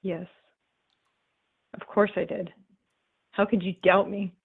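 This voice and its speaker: A woman's voice: mid-range voice, level tone, slow, vocal fry, breathy edge. A woman calling in to a comedy show, rambling through a retold fable with lots of fillers and casual swearing. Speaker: caller. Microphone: telephone. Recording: tinny phone line.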